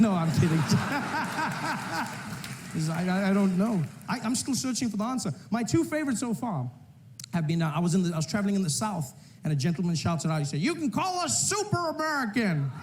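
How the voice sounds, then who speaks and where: A man's voice: high-pitched, darkish tone, a little hiss or hum. A man performing a stand-up comedy routine on stage, riffing playfully with the crowd.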